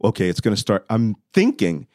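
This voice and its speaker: A middle-aged man with a fairly low voice tells a story in a relaxed, conversational way. He acts out what he said back then, sometimes raising his voice. The sound is close and dry. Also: fairly quick, dry recording. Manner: vivid, acts out his own past lines, loudly at times. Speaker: podcast guest.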